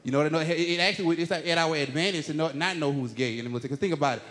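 A man doing a stand-up routine, prodding the crowd in a casual, quick delivery. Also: a little high, fairly bright tone. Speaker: stand-up comedian. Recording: live hall reverb.

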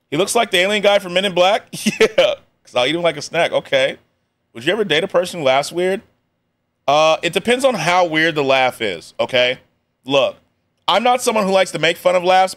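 A young man reacts to a video on a live stream, joking in slang and laughing a lot. His voice is fairly high in pitch and fairly bright.

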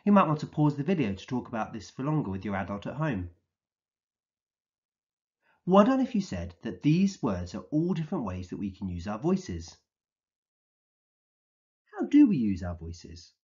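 A man teaching a recorded vocabulary lesson for young children, speaking slowly and clearly in an encouraging way and acting out the words he defines. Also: mid-range voice, huge pitch swings, a little mellow, dull audio. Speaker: early years teacher.

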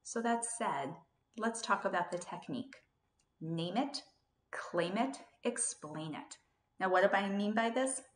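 A woman in her thirties explains a parenting technique in a calm, steady instructional talk, now and then acting out what a parent might say. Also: mid-range voice, unhurried, reverberant. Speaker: parenting educator.

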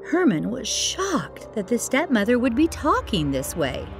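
A woman reading a children's fairytale aloud as storyteller, expressive and playful. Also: a little high, unhurried, hardly any pauses, music in the background.

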